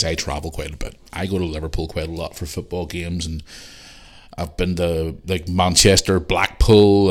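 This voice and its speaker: A middle-aged man with a Northern Irish accent, hosting a casual solo podcast and chatting in a rambling, ranting way. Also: low-pitched. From Northern Ireland. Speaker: podcast host.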